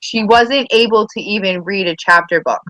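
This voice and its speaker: Bright-voiced chatty mom telling stories. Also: female voice, medium pitch, moderate pace, no room sound, rough recording. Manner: chatty, animated storytelling with acted-out quotes. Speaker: mother of schoolchildren, podcast guest. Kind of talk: casual chat.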